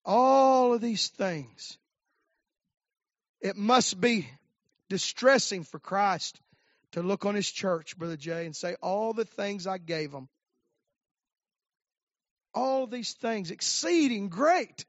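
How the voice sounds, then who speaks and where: A man preaching a sermon. His delivery swings from low murmurs to shouted climaxes with "uh" fillers. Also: lively intonation, slow pace, pauses often, no echo. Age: 50s. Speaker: pastor. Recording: dry, dull lo-fi recording.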